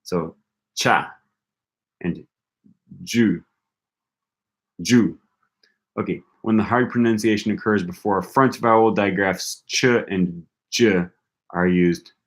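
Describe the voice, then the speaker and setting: Young man, very low voice; casual live-stream study talk, thinks aloud, repeats sounds. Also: slow pace, pauses often. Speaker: language-learning streamer.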